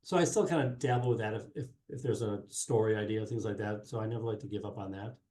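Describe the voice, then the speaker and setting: Rambling middle-aged man, mellow and roomy. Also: fairly low pitch, quick pace. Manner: rambling, many fillers and restarts. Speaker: guest, sports marketing specialist and former TV reporter. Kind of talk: casual interview chat. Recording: roomy echo.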